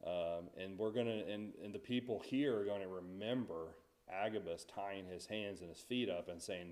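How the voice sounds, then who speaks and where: Guy leading a bible class at church, lowish voice, chatty and asks questions. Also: normal speed, hardly any pauses, a little mellow. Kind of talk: Bible study lesson.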